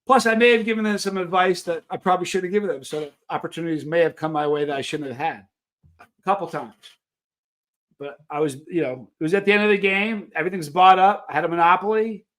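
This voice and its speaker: A man's voice: high-pitched, fast talker. Rambling middle-aged man telling stories. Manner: rambling, animated anecdotes with frequent restarts. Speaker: host of a live Q&A stream. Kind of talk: casual storytelling to a live chat.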